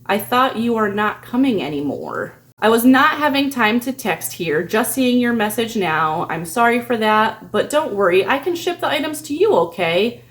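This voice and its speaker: A woman's voice: fairly high pitch, big pitch swings, moderate pace, few pauses. A woman putting on a pushy scammer man. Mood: pleading. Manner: apologetic, overly polite, broken phrasing. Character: pushy male online scammer, broken English.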